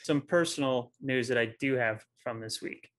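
A man in his twenties co-hosting a podcast in a relaxed, chatty way. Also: mid-range voice, normal speed. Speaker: podcast co-host. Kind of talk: casual chat.

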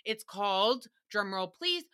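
A young adult woman hosting a casual recap podcast, talking in an animated, playful way and slipping into silly voices. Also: mid-range voice, measured pace, smooth. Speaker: podcast host.

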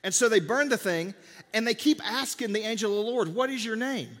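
A man with a high voice preaches a sermon in a church sanctuary. He talks to the congregation casually and plays out the dialogue of scripture scenes. His voice rings with the long reverb of a church hall. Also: expressive, a little fast, a bit bright. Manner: conversational preaching, acts out biblical dialogue. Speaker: pastor.

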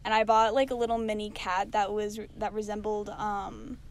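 A woman's voice: medium pitch, level tone, normal speed. A young woman co-hosting a podcast, chatting casually in a giggly, rambling way with many fillers. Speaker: podcast co-host. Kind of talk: casual chat. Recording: faint background noise.

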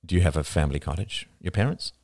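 A man reading the lines of a blunt, guarded man with grim views, in a flat, terse manner. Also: low-pitched, fast, vocal fry, no echo. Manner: flat, terse, matter-of-fact. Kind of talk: audiobook character reading.

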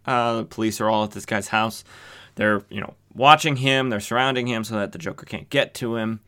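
A man recapping a vintage comic in loose, casual chat. He jokes and needles the story, his low voice carrying a bright, forceful edge. His talk is full of fillers and asides. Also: brisk, clean tone. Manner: joking and sarcastic, with frequent fillers. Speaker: comic book podcast host.

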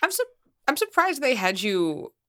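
A woman's voice: high voice, big pitch swings, normal speed, bright, forceful tone, dry recording, studio quality. A woman co-hosting a podcast, chatting casually, laughing often and asking follow-up questions. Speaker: podcast co-host. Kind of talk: casual chat.

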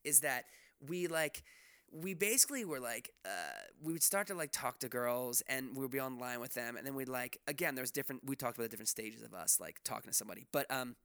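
A man speaks quickly at medium pitch, his voice pushed, bright, clear and resonant, in a dry, clean studio recording. As a podcast co-host in easygoing chat, he rambles with frequent fillers and restarts and curses liberally.

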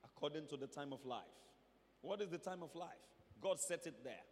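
A man preaching a sermon to a church, moving between quiet asides and emphatic, shouted lines. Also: on the high side, expressive, moderate pace, long reverb tail.

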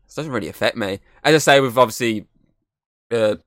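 A man's voice: mid-range voice, brisk, a bit bright, dry recording, studio quality. A man hosting a casual podcast chat, rambling on, swearing often and laughing easily. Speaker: podcast host. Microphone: headset.

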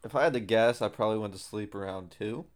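A man's voice: on the low side, fast. A young man co-hosting a podcast, chatting casually with short, dry, laid-back remarks. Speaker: podcast co-host. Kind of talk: casual chat.

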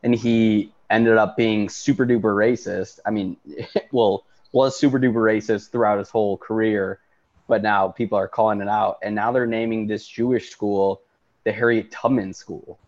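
A man's voice: on the low side, fairly even intonation, moderate pace, a little mellow. A man co-hosting a podcast in casual comedic chat, telling stories and hedging with "like.". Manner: storytelling, hedging with "like". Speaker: podcast co-host. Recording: dull lo-fi mic.

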